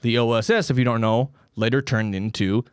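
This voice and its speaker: Man, podcast host, casual rambling storytelling, medium pitch, dry close mic. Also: a little fast, smooth, dry recording. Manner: loose, rambling, many fillers and asides.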